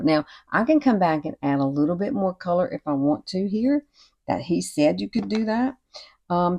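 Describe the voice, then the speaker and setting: A woman, chatting warmly and encouragingly through a makeup tutorial at home. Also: mid-range voice. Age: 60s. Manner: chatty and encouraging, often says y'all and girl. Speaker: beauty vlogger. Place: home at night with cicadas outside.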